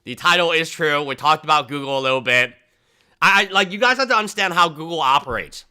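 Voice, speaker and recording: Bright-voiced man rambling on a livestream. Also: quick pace, clean tone. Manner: rambling, animated, mocks people in high voices. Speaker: livestream host. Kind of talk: casual livestream chat.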